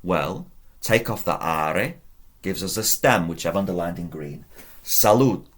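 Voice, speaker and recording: Low-voiced, slow Latin teacher. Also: male voice, lively intonation. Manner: patient, drills conjugations aloud with rising emphasis; encouraging, addresses viewers directly. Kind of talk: whiteboard lesson.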